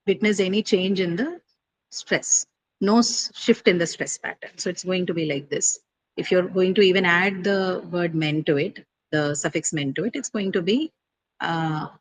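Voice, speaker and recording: A woman teacher giving a classroom lecture, explaining step by step and often checking understanding with quick "right?" and "okay?" questions. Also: on the low side, poor audio. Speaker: English teacher. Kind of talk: classroom lecture on word stress.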